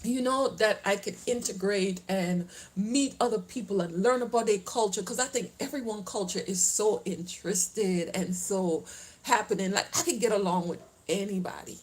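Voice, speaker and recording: A woman's voice: medium pitch, moderate pace, low-quality recording. A middle-aged woman from the Caribbean islands with a Caribbean accent mixed with Southern US, chatting casually to her viewers outdoors in a rambling way and laughing often. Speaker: lifestyle vlogger. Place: outdoors, then heading home.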